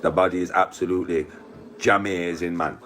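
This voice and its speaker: Brash bloke, middle-aged, lowish voice, crude rambling boasts, laughs a lot. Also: male voice, steady tone, brisk, a bit bright. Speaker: YouTuber on a live stream. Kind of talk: boastful casual chat with friends.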